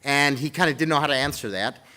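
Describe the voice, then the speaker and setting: A man on a legal panel, telling courtroom anecdotes in a measured way with frequent fillers. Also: mid-range voice, sharp tone. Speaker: defense counsel panelist.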